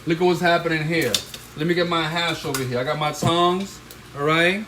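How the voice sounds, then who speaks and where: A middle-aged man with a fairly high voice runs a live cooking demo at his stove, recorded on a handheld phone. He coaches the viewer and keeps checking in with "okay?", then breaks into excited whoops. Frying sizzle and kitchen clatter come through clearly under his voice. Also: normal speed, background noise. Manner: excitable, bursts into loud whoops; coaching, tags lines with "all right?" and "okay?". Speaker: chef hosting a cooking stream.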